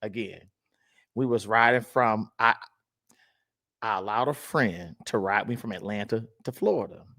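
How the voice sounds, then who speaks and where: A middle-aged man, co-hosting a casual podcast chat and telling stories with lively energy. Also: fairly low pitch, measured pace. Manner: animated storytelling, laughs while telling. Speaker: podcast co-host.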